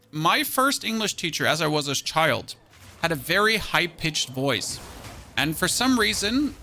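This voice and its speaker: A man from Germany with a German accent, chatting casually with his live-stream chat while gaming, self-mocking and quick to exclaim. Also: fairly high pitch, bright, forceful tone, a little hiss or hum. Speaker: game streamer.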